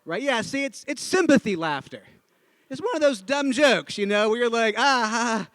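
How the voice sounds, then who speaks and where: Speaking at a normal speed in a very high-pitched voice with no echo, a man from the northeastern US shares a personal story in front of a live audience. He's animated and plays each of the story's characters himself.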